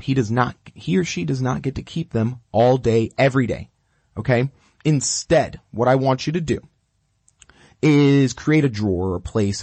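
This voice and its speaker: Husky-voiced man teaching dog training. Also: mid-range voice, a little mellow, dry recording. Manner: emphatic, keeps checking in with "okay?". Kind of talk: instructional talk.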